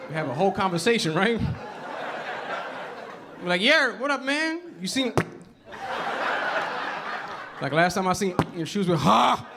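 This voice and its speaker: A man's voice: high voice, big pitch swings, a little slow, pauses often. A man from the Bronx performing a conversational stand-up set in a comedy club. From the Bronx, New York. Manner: conversational, keeps asking "you know what I mean". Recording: noisy club, audience laughter.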